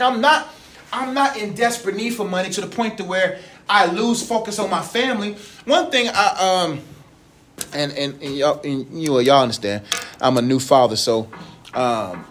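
A man in his thirties giving a casual, animated sermon talk, laughing often as he speaks. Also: fairly high pitch, slight background noise. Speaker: preacher.

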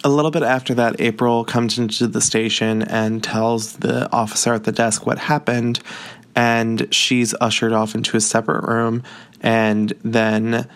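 A man's voice: medium pitch, flat delivery, unhurried, fairly bright tone, clear, resonant tone. A young man casually recapping a book, candid and chatty, often breaking into laughter. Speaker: book reviewer.

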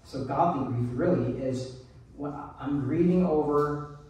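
Earnest pastor preaching in an echoey room. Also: male voice, on the high side, a little slow, a little mellow. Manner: conversational, earnest, with many restarts. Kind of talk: sermon. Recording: echoey room, mic at a distance.

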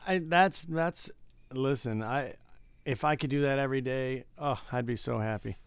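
A man co-hosting a podcast, telling animated stories about his work as a casino dealer and laughing often. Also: medium pitch, moderate pace, clean tone, no echo. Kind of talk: casual chat.

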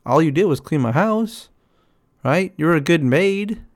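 A man in a casual monologue about relationships, repeating his points emphatically and acting out quotes in a higher voice. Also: expressive, unhurried. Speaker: relationship commentator.

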